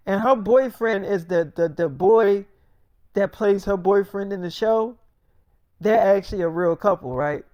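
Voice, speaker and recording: A man's voice: sits high, unhurried, darkish tone, dry recording, clean studio sound. Crude rambling male storyteller. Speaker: comedian. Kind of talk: freestyle comic storytelling.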